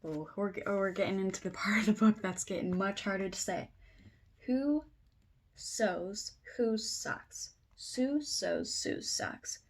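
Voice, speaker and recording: A woman reading a children's book aloud at circle time, trying tongue twisters slowly and then fast, with playful asides. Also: medium pitch. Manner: reads tongue twisters slowly, then races through them, comments playfully.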